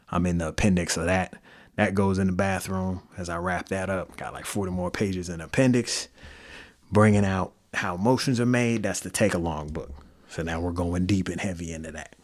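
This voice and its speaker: A man with a Midwestern American accent hosting a solo podcast, talking loosely and conversationally with slang and fillers. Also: sits low. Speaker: podcast host. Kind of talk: casual solo podcast monologue.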